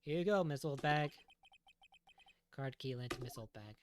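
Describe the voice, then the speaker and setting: A woman's voice: extremely low pitch, expressive, normal speed, pauses often. A woman streamer reading a game's dialogue aloud with her own quips. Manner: quips and mock voices while reading. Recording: faint music underneath.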